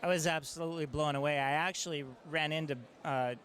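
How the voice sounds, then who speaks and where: Enthusiastic surgeon, moved and halting. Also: male voice, on the high side, fairly even intonation, fairly bright tone. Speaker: eye surgeon and mentor. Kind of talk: interview answer.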